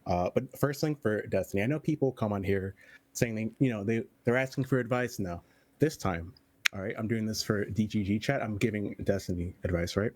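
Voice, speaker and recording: A man's voice: lowish voice, a little fast, slight background noise. A man calling into a podcast, speaking casually and hesitantly, often ending thoughts with "right?". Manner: hesitant, many "uh" and "right?" tags. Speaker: caller. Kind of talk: casual call-in chat.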